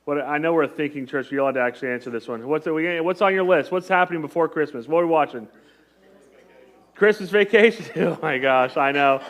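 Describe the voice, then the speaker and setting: A man's voice: fairly high pitch, quick pace, fairly bright tone. A man in his thirties preaching a casual, joking sermon to his church, often restarting sentences and chatting with the congregation. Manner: chatty, joking, self-interrupting. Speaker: pastor. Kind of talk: conversational sermon.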